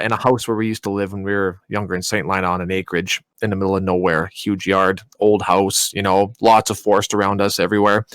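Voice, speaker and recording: A young man, a podcast co-host, telling a story in a casual, animated way, swearing and laughing as he goes. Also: on the low side, no echo.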